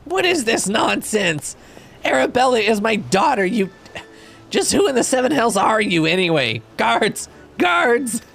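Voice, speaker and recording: A man's voice: fairly high pitch, wildly swooping pitch, moderate pace, faint music behind, pitched above the performer's own voice, exaggerated voice. A man voicing a flustered, wealthy older father in a raised, blustering voice. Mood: indignant. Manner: blustering, shouting.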